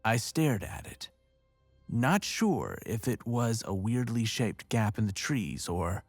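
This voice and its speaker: A man with a lowish voice tells a first-person horror story in a measured, steady way. The sound is dry and close, with faint music under the narration. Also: no room sound.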